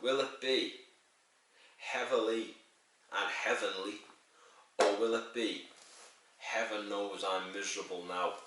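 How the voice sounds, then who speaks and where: Deep-voiced and pushed, with a bright sound, a man rambles through a sweary, crude, jokey beer review. There's slight background noise, a very echoey room, and a mic set at a distance.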